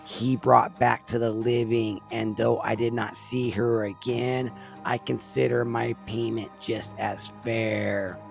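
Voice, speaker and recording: A man's voice: mid-range voice, flat delivery, slow, vocal fry, soft background music. A man voicing a stern male cult leader who gives commands.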